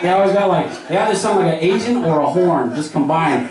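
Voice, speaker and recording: Male stand-up, slightly high and very lively voice, loose and swearing, echoey club from a distance with the crowd heard. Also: a little fast, hardly any pauses. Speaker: stand-up comic. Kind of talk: stand-up set.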